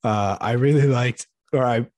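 A man's voice: medium pitch, moderate pace, darkish tone, dry recording. A man co-hosting a podcast in casual chat, laid-back and joking, often answering with short agreements. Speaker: podcast co-host.

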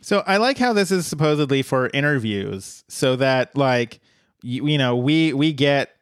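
A man's voice: mid-range voice, animated, normal speed, smooth, no room sound, clean studio sound. A man co-hosting a casual podcast chat, joking and playfully mocking. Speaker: podcast co-host.

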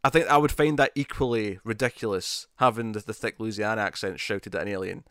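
A man's voice: lowish voice, a little fast, fairly bright tone, no room sound, clean studio sound. A man co-hosting a podcast, chatting casually and animatedly, teasing and laughing often. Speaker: podcast co-host. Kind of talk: casual chat.

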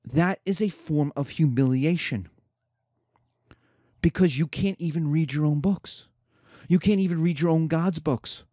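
Brief: male history lecturer, animated, a bit high, acts out characters. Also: a little slow, pauses often, dry recording, clean studio sound. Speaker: history teacher.

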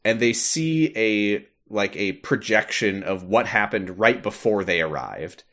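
A man's voice: on the low side, lively intonation, measured pace, fairly bright tone. Laughing man recapping a game casually. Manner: laughs often, puts on cartoon voices when quoting. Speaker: podcast co-host.

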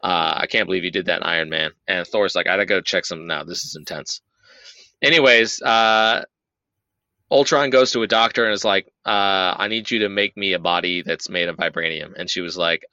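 A young man hosting a podcast, rambling through a casual movie recap with profanity and quick put-on character voices. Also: low-pitched, steady tone, sharp tone, smooth, no room sound, highs cut off. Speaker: podcast host.

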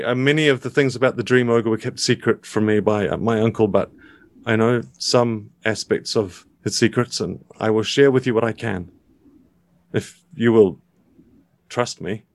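Guy doing a formal reserved young man, careful measured speech, dry close sound. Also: medium pitch, no room sound, close to an everyday voice.

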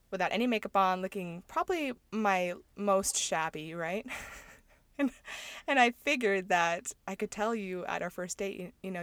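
A woman co-hosting a podcast in easy conversation, talkative and laughing often, with plenty of agreeing murmurs. Her voice sits at a middle pitch. The recording is dry and close. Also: moderate pace, a bit bright, clean tone, dry recording. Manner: talkative, laughs often, says mm-hmm a lot. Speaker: podcast co-host. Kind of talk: casual chat.

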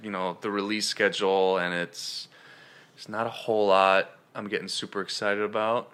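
Man, podcast host, casual rambling chat, bright tone, smooth clear voice. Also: fairly low pitch, level tone, moderate pace. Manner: rambling, with many fillers and restarts.

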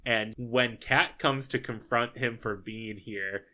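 Male co-host, bright clear tone, casual and incredulous movie-recap chatter. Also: medium pitch, takes it slowly. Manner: animated, incredulous, swears casually. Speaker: podcast co-host.

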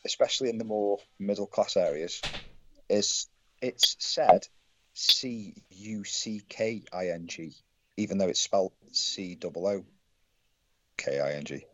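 A man's voice: deep voice, a little slow, fairly bright tone, dull audio. An English man guesting on a podcast, with an English accent and a wry, teasing way of talking. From England. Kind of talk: casual podcast banter.

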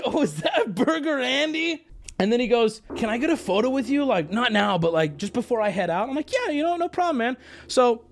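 High, lively man telling a story. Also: normal speed, creaky, slight background noise. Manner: animated, swearing, bursts into yelling. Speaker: livestream host. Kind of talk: casual storytelling to chat.

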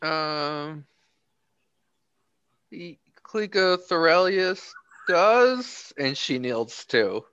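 A man's voice: fairly high pitch, expressive, very slow, long pauses, a bit bright, smooth, dry recording, lo-fi sound. A laid-back, joking man playing in a tabletop game. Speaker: player. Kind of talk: casual tabletop play.

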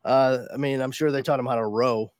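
A man co-hosting a podcast in casual chat, telling stories with a lot of swearing and quick put-on voices. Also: mid-range voice, steady tone, darkish tone, no room sound, clean studio sound. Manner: chatty storyteller, swears, puts on voices in anecdotes. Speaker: podcast co-host.

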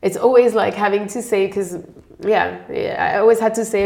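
A woman's voice: medium pitch, steady tone, a little fast, darkish tone. A woman from France, answering interview questions in a thoughtful, explanatory way. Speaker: guest expert. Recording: echoey room.

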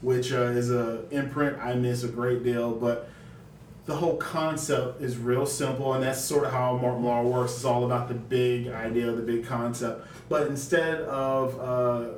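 A man co-hosting a casual comics podcast, explaining at length in a relaxed, rambling way from a room in a house. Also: medium pitch, normal speed. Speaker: podcast co-host. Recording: roomy, distant mic, faint hiss.

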